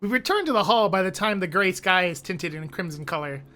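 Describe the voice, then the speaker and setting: A woman's voice: lowish voice, expressive, fairly quick, sharp tone. A woman casually chatting and narrating a visual novel with friends on a stream, joking and laughing often. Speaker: stream co-reader.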